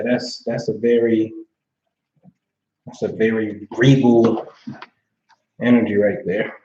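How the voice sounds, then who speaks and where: An astrology livestream host chats casually and reads viewer comments. His mellow, medium-pitched voice comes through a muffled, roomy recording, and his talk is laid-back and slangy, with frequent "you know what I'm saying."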